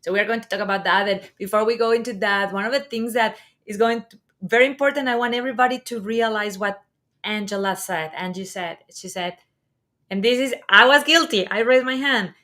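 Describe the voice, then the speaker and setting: A woman hosting a talk show, enthusiastic and animated as she tells stories. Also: medium pitch, a little fast. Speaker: host. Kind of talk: livestream talk show chat.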